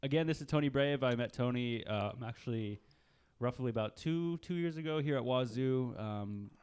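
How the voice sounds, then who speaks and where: A man hosting a podcast, chatting with a guest in an easygoing, halting way full of fillers. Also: medium pitch, a little mellow, clean tone. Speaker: podcast host. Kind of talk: casual interview chat. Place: small room, mics close.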